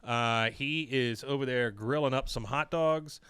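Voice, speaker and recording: A man's voice: mid-range voice, measured pace, a bit bright, clean tone, no room sound. Podcast host, man, casual plot recap, clean and dry. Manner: reads episode plot with quoted lines, laughs often.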